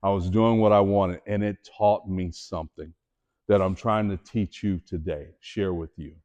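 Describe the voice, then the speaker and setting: A man's voice: low-pitched, moderate pace, dull audio. A middle-aged man giving a motivational talk to students, telling his story with animation and asking the audience direct questions. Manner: animated storytelling, voices the people in his stories. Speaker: motivational speaker.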